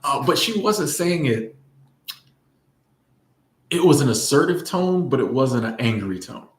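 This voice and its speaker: A man's voice: mid-range voice, lively intonation, measured pace. Rambling casual man in an echoey room. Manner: rambling, conversational, lots of fillers and restarts. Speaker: vlogger. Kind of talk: casual storytime chat. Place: in Bangkok.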